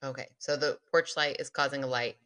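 A woman podcast co-host reading a listener's spooky story aloud in casual chat, laughing often and slowing for dramatic pauses. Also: extremely low pitch, fairly even intonation, bright, forceful tone, smooth.

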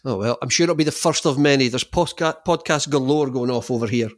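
A man's voice: mid-range voice, fairly quick. A man co-hosting a podcast, teasing his guest in a friendly way. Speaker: podcast co-host. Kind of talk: casual podcast chat.

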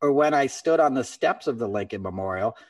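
A man's voice: medium pitch, animated, brisk, far from the mic. Earnest man hosting a podcast, slightly off-mic. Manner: earnest and impassioned, calls his co-host man and brother. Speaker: podcast host. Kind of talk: casual podcast chat.

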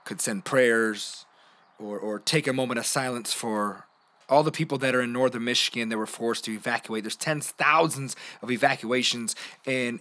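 Bright-voiced man hosting a podcast. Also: mid-range voice. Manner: animated, playful, jumps between hushed and loud. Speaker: podcast host. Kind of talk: motivational podcast monologue.

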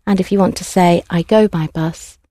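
A woman language teacher who talks her class through each sentence with clear, patient prompts. Her voice sits slightly low and sounds mellow, and the recording is dry and close. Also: steady tone, moderate pace, no room sound. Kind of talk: classroom instruction.

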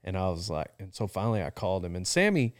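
Give me a low-pitched man sharing a story in relaxed, reflective chat. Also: fast. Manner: relaxed, reflective, uses fillers like you know. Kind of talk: casual chat.

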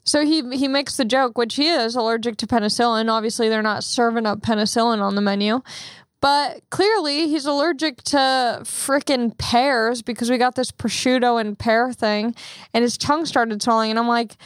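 A woman's voice: a little high, moderate pace, smooth, dry recording, studio quality. A young woman hosting a podcast, telling stories in a casual, chatty way and swearing freely. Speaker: podcast host. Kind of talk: casual chat.

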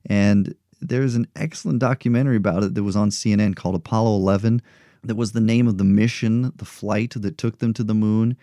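A middle-aged man with a low, warm-toned voice delivers a motivational podcast monologue. He speaks earnestly and encouragingly and keeps returning to rhetorical questions. The sound is dry and close. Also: fairly even intonation, brisk, no room sound. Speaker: podcast host.

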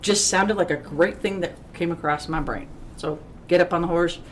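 A middle-aged woman on a podcast telling lively stories, acting out the voices of the people in them, with folksy slang and a sarcastic streak. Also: fairly low pitch, moderate pace, slight background noise. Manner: self-described sarcastic. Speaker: podcast guest. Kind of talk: animated storytelling.

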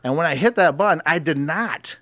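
A man's voice: on the high side, a little fast, fairly bright tone, dry recording, clean studio sound. A man on a casual podcast, telling a story animatedly and slipping into impressions of the people in it. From Akwesasne Mohawk territory, New York area. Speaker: guest storyteller.

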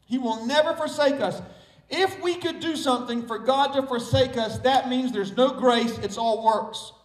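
High-voiced Southern preacher man, echoey. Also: normal speed. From Southern United States. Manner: emphatic preaching with repeated key words. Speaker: pastor. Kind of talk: sermon. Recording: echoey room, mic far off.

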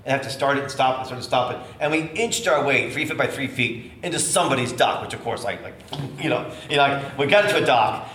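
A middle-aged man preaching as a bishop, telling a personal story in an animated way and acting out the voices. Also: mid-range voice, fast. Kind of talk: storytelling sermon. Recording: echoey room with faint noise.

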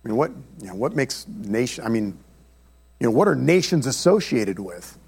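An American man, a pastor, preaching a sermon in a church in an animated, conversational storytelling way. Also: mid-range voice, moderate pace, gravelly, husky. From United States.

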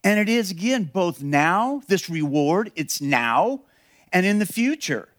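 An earnest male pastor preaches with emphasis, repeating phrases for weight. His voice sits a little high for a man. The sound is dry and close. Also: very animated, unhurried, fairly bright tone, no room sound. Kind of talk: sermon.

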